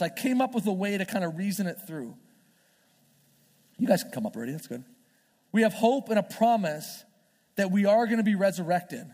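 A male pastor giving a sermon in a church, talking in a conversational, earnest way, as if thinking out loud. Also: high-pitched. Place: church sanctuary. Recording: long hall reverb, faint music behind.

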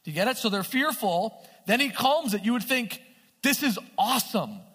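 A man preaching a sermon in an animated way, often checking with his listeners through questions. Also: very high-pitched, a little fast. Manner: animated, asks the audience questions. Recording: long hall reverb.

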